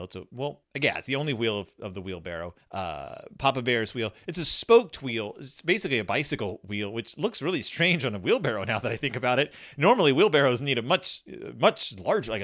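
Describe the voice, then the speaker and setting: A man's voice: medium pitch, very animated, brisk, few pauses, a bit bright. A man in his forties giving a chatty, amused review of a children's picture book, full of rambling asides. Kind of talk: casual book commentary.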